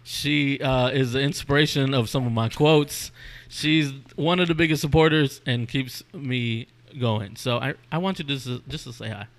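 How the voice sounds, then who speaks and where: A man's voice: medium pitch, moderate pace, hardly any pauses. A man hosting a casual podcast with a table of guests, teasing and laughing a lot while playing sound drops. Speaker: podcast host. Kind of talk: casual group chat.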